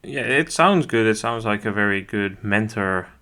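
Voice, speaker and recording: A man's voice: fairly low pitch, animated, normal speed, pushed and bright. A man hosting a podcast interview, laying out several examples before asking his question. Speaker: podcast host.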